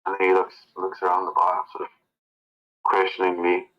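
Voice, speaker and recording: A man narrating as game master of a tabletop game, telling the scene in a casual, relaxed way. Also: low voice, normal speed, highs cut off.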